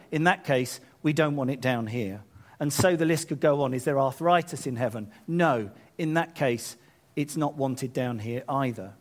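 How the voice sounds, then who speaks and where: A man preaching a sermon, retelling scripture in a lively paraphrase with casual asides. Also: a little high. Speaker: pastor.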